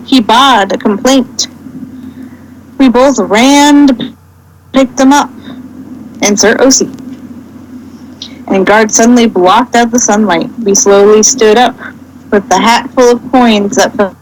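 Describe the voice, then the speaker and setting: A woman's voice: fairly high pitch, a little hiss or hum, poor audio. A woman reading a fanfic aloud as a podcast co-host, casual and comedic, often stumbling and correcting herself.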